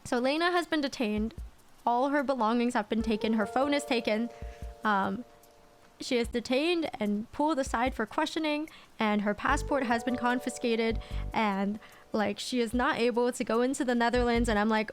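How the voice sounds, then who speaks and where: A woman streamer telling a story in a casual, animated, dramatic way, swearing a lot. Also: a little high, normal speed, soft background music.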